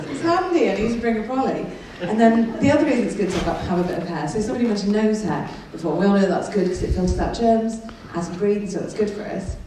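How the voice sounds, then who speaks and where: A woman's voice: mid-range voice, expressive, normal speed, background noise. A woman performing a chatty, cheeky stand-up set and teasing the crowd, recorded live in a concert hall. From Wales. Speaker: stand-up comedian. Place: concert hall with a laughing audience. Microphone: venue recording taken from the audience. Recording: distant echoey hall audience recording.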